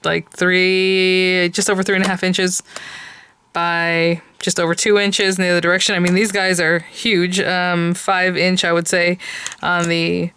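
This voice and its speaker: A woman's voice: lowish voice, level tone, measured pace, sharp tone, slight background noise. A woman hosting a craft channel, chatting through a product unboxing in a gushing way with many fillers.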